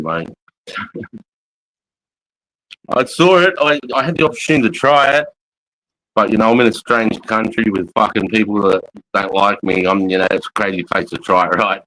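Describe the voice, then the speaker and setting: Australian man, casual chat, low voice, laid-back, swears a lot. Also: normal speed, sharp tone, slight background noise, low-quality recording. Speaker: podcast co-host.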